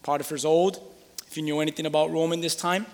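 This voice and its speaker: High-voiced preacher in an echoing hall. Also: male voice, fast talker. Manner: animated storytelling, acting out the scenes. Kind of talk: sermon.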